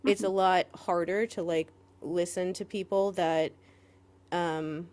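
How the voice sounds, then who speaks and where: A woman co-hosting a podcast in casual chat, rambling with lots of "like" fillers and quick laughs. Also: on the low side, fairly even intonation, a little mellow. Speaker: podcast co-host.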